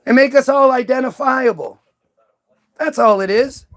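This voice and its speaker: A man's voice: extremely high pitch, normal speed, fairly bright tone. A man hosting a profane, rambling rant monologue, full of restarts and swearing. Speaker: host.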